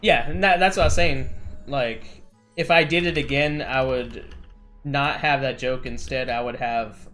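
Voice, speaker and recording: A man from Washington State chatting casually, talking slowly and slurring his words, with many hesitant fillers. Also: mid-range voice, a bit bright, faint music behind. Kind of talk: casual chat.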